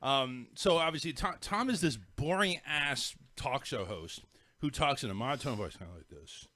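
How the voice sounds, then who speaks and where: A podcast host chats casually and animatedly with friends, joking, swearing, and laughing often. He speaks on the high side at a moderate pace, with no echo.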